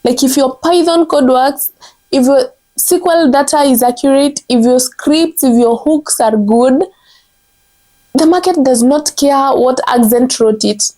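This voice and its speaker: Young Kenyan woman, earnest vlogger with a warm, soft tone, often restarts her phrases. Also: sits high, a little slow. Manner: earnest, self-correcting restarts, frequent "like". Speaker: content strategist. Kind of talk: motivational vlog talk.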